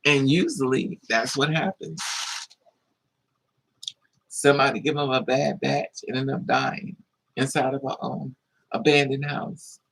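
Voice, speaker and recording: A man telling a story in a casual monologue, animated and acting out voices with high-pitched squeals. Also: gravelly, breathy edge, rough recording. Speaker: live streamer.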